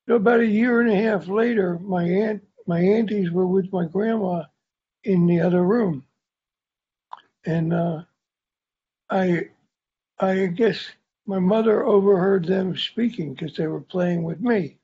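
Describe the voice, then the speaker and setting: Speaking carefully because of a sore tongue, an older man gives a personal share at a recovery meeting, candid, meandering, and self-deprecating. His high-pitched voice has a dark tone and a breathy edge, at a measured pace, on a muffled recording.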